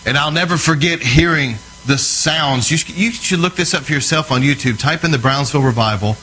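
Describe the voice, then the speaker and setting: A man's voice: a little high, fairly quick, sharp tone, slight background noise, low-quality recording. A man preaching a sermon in a conversational, storytelling way, often checking in with his listeners, earnest and emphatic.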